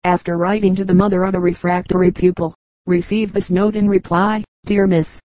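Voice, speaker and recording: A woman reading a collection of humorous anecdotes aloud as an audiobook narrator, in a measured, even storytelling manner. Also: lowish voice, no echo, rough recording. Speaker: audiobook reader.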